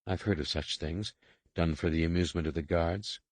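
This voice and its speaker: A curt, commanding woman overseer gives orders in short, measured sentences, as a male audiobook narrator reads her. The voice sits low, and the studio sound is close and dry. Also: lively intonation, darkish tone, no echo. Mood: stern, instructing. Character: stern female alien slave overseer, curt. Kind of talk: audiobook character reading.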